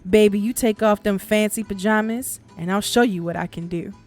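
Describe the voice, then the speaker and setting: A woman voicing a proud, cocky male bull who talks slowly and smoothly. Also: medium pitch, darkish tone, faint music behind, natural voice. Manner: proud, slow, smooth-talking.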